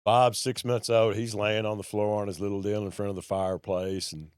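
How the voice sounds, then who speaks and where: A man's voice: on the low side, flat delivery, brisk, a little mellow, smooth, no room sound, studio quality. A man, a podcast guest telling a personal story in a folksy, plain-spoken way.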